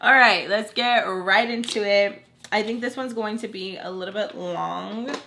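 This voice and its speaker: A woman's voice: medium pitch, measured pace, sharp tone, slight background noise. A young woman chatting casually to her viewers, gushing and bubbly, saying "like" a lot. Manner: gushing and bubbly, says "like" and "so freaking cute" a lot. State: tearful, crying with happiness. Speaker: storytime vlogger. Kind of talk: casual chat to camera.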